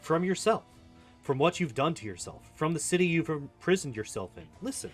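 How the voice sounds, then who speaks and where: A man reading aloud as an earnest young female healer in a video game, speaking softly and pleadingly. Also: on the high side, expressive, fairly quick, soft background music.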